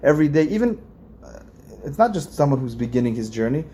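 A man's voice: medium pitch, big pitch swings, quick pace, warm tone, slight background noise. A man, a rabbi, giving an informal religious lesson in a conversational way, repeating phrases and asking his listeners questions. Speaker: rabbi teaching a class.

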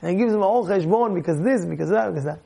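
Man as religious teacher, animated, keeps asking the audience questions, acts out scenes. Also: high voice, racing, vocal fry, breathy edge. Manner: lively, questions the listeners, acts out stories. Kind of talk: animated Torah lesson.

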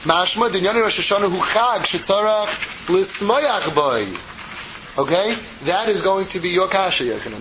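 A man's voice: high voice, noisy background. A man teaching a religious text class who reads passages aloud and explains them in casual English, asking his students questions. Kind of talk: text study class, reading and translating.

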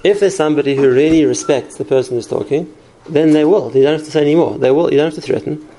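Gravelly man lecturing a class. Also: a little high, quick pace, mellow, poor audio. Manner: explains through stories and examples, answers questions. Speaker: teacher.

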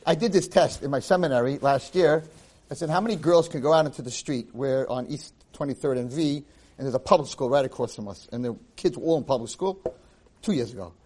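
A man, a rabbi, giving a lively Torah class, acting out quotes and dropping Hebrew phrases into his English. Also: medium pitch, a little fast. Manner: animated, acts out quotes and shouts for emphasis. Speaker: rabbi and teacher.

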